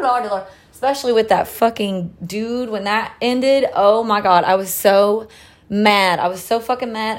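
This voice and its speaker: A young woman hosts a laid-back podcast, talking in a loose, candid way. She swears freely, drifts through fillers and small laughs, and her voice sits at an ordinary middle pitch for a woman. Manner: chatty with frequent fillers and laughs. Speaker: podcast host. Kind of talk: casual chat.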